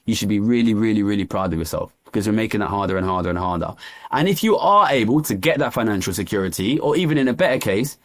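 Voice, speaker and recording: A man with an East London accent, speaking as an economist guest in an interview, talking passionately and repeating phrases for emphasis. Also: medium pitch. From East London, England. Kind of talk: candid interview talk.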